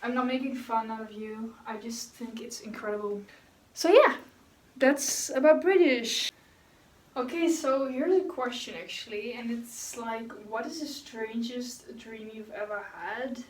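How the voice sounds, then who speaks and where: Chatting while she paints at home, a young vlogger wanders between topics and answers viewers' questions with giggles. She has a fairly high pitch and a slightly slow pace, picked up off-mic on a distant microphone in an echoey room.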